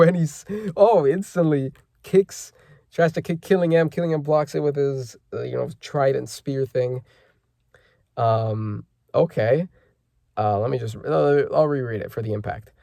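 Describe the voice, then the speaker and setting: A man's voice: medium pitch, a little slow, vocal fry, warm tone, no echo, studio quality. A man hosting a casual manga chapter reaction, rambling with lots of fillers and self-corrections as he reads panels aloud.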